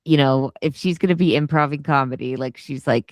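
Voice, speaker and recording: A man co-hosting a podcast, chatting casually about a movie, cursing often and jumping up in pitch when excited. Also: normal speed, few pauses, no echo, clean studio sound. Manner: animated, swears often, big pitch jumps when excited. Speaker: podcast co-host. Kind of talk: casual movie review chat.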